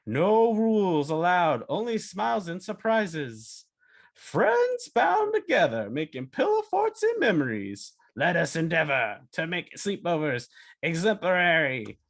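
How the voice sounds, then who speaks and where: A man's voice: very animated, unhurried, vocal fry, exaggerated voice. A man voicing a grandly earnest male cartoon troll who speaks in a theatrical, solemn way while pledging an oath. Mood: solemn pledge. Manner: theatrical, solemn, rising high in pitch.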